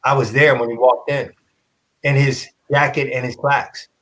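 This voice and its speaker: A man telling an animated, profane story on a convention panel, acting out quotes and laughing. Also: mid-range voice, normal speed. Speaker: comic artist panelist.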